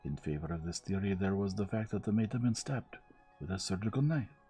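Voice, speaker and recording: Male reader as a fussy older detective, exacting and methodical, warm low voice with lively swings. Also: slightly rough, faint music behind. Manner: measured, explaining step by step.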